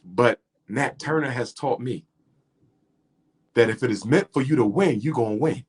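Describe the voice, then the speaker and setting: A man's voice: mid-range voice, moderate pace, husky. A middle-aged man speaking as an interview guest, impassioned and preacher-like, building his points through rhythmic repetition.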